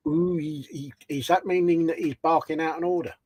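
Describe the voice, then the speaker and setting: A man's voice: on the high side, huge pitch swings, brisk, vocal fry, a little mellow, husky, no echo. A man co-hosting a casual livestream, playful as he puts chatty questions to viewers. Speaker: co-host.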